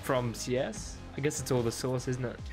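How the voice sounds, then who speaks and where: A man casually chatting with friends while playing a co-op zombie game, excitable and jokey, yelping when things go wrong. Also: moderate pace, music in the background. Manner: excitable, yelps high when in danger; laughs often, jokey. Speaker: gamer streaming co-op with friends. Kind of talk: casual gaming chat.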